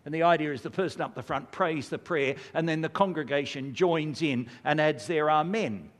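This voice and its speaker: A man's voice: fairly high pitch, normal speed. An older man preaching a sermon, earnest and building to emphatic rhetorical questions. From Australia. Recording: long hall reverb.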